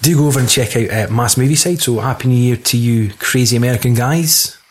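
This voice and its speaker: Rambling Scottish podcast host. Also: male voice, medium pitch, a little fast. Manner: rambling, giggly, lots of ums. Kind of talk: casual podcast banter.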